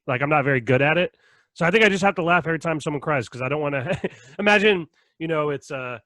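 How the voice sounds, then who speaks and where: A man hosts a loose podcast chat, reading questions and laughing at them as he goes. His voice sits a little high for a man, and the sound is dry and close with no room around it. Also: fast, no room sound. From Irish family background. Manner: laughs often, relaxed and joking. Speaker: podcast host. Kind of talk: casual chat.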